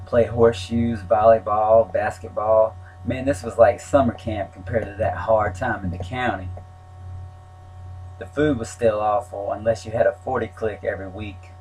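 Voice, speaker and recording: A man's voice: on the low side, steady tone, normal speed, darkish tone, faint music behind, poor audio. A man reading his own story aloud in a plain, wry telling. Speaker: memoir narrator.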